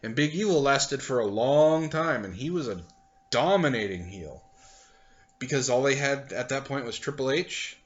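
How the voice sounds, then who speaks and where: A man's voice: mid-range voice, animated, moderate pace. A man hosting a casual podcast chat. He tells long stories full of details, with fillers along the way. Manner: rambling storyteller, recounting details with fillers. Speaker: podcast host. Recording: muffled lo-fi recording.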